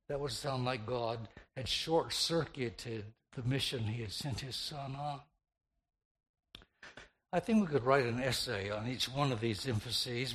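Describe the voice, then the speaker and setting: A man preaching a slow, meditative sermon, repeating phrases and shifting the stress from word to word. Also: medium pitch.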